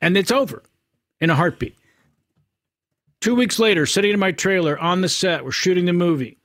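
A man's voice: high voice, expressive, normal speed, a bit bright, no room sound, clean studio sound. A man, an actor guest, telling a comic anecdote in punchy, clipped sentences.

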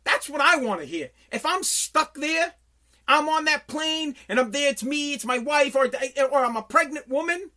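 A man's voice: very high-pitched, lively intonation, moderate pace, bright, forceful tone. A man giving a heated, profane political rant as a commentator.

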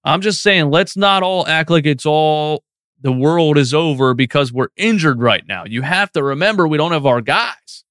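A man's voice: a little high, normal speed, fairly bright tone, no room sound, clean studio sound. A man hosting a live post-game sports stream, reading chat questions and ranting with feeling. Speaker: sports podcast host.

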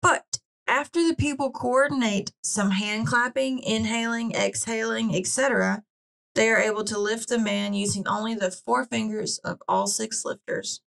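A woman co-hosting a casual podcast, chatting playfully and reading old excerpts aloud slowly. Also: fairly high pitch, fairly even intonation, vocal fry, a bit bright, low-quality recording. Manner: playful, reads slowly and carefully. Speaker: podcast co-host.

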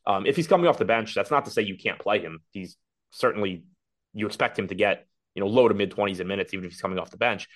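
Man, lowish voice, rapid talker, analytical, casual fantasy-sports chat. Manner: rapid, analytical, thinking aloud. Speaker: fantasy sports podcast co-host.

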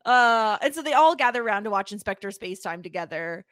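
A woman co-hosting a podcast, chatting excitedly and giggling as she recaps a TV episode. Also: mid-range voice, fast, dry recording, studio quality. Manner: excitable, giggly, quotes lines and hums tunes. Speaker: podcast co-host. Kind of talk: casual chat recapping a TV episode.

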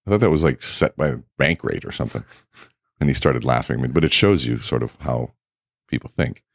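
A man guest in a casual interview, telling lively anecdotes full of quoted dialogue. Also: rumbling low, brisk, vocal fry, dry recording, studio quality. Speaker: keynote speaker and guest.

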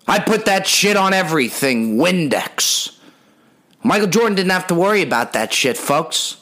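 A man's voice: sits high, sing-song, moderate pace, sharp tone. A young adult man hosting a comedy podcast, telling rambling, profane stories in a brash, joking way. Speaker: podcast host.

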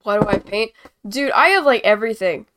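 A woman's voice: mid-range voice, animated, fairly quick, background noise. Chatty, giggly young woman hosting. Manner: rambling, giggly, self-deprecating; painting while she talks. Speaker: host. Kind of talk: casual live-stream hockey chat.

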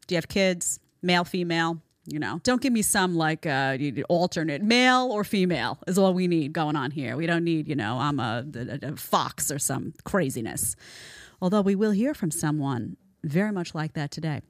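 A woman host delivers reaction commentary in a fairly low voice, pressing her points and repeating phrases for weight. The sound is close and dry, with no room around it. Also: lively intonation, moderate pace, no room sound. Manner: emphatic, repeats phrases for stress. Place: studio in Florida.

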